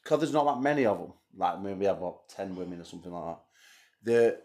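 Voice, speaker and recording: Host, male, low-pitched, crude teasing banter. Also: lively intonation, fast, warm tone. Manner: crude, teasing, laughs often. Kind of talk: casual banter.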